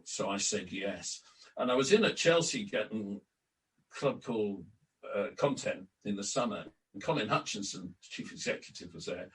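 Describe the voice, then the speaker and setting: A man's voice: on the low side, a bit bright. Older man telling stories, set back from the mic. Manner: anecdotal, acts out quoted exchanges, frequent restarts. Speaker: interview guest, former club announcer and editor. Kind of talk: storytelling in a relaxed podcast interview. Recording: distant from the mic.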